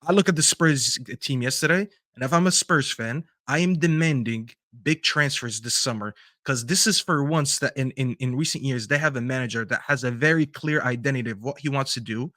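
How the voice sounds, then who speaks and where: A man co-hosting a football podcast, giving strong opinions in a casual, animated debate. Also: mid-range voice, fairly quick, hardly any pauses, no echo, clean studio sound. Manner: opinionated, animated, talks over hesitations.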